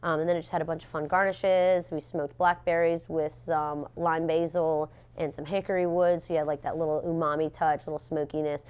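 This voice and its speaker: A young woman, a pastry chef, telling stories in a casual interview, animated and laughing often as she acts out what people said. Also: sits low, fairly quick, few pauses, smooth.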